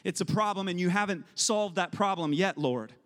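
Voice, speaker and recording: A man preaching a sermon as pastor, animated, acting out prayers and voices. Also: high-pitched, normal speed. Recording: long hall reverb.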